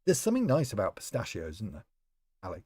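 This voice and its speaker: This game streamer has a lowish, darkish voice whose pitch swoops wildly, and he talks fast with no echo on the recording. He rambles chattily through his casual stream, naming viewers as he talks to them.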